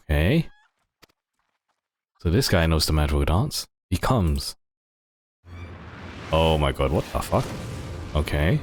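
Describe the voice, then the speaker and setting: Very deep-voiced male game streamer. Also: very animated, a little slow, long pauses. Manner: chatty, wry reactions to the game. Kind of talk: casual live-stream commentary.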